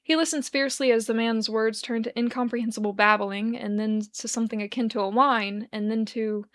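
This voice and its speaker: A woman giving an expressive, measured reading of a fan-written story. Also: a little high. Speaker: fanfic reader.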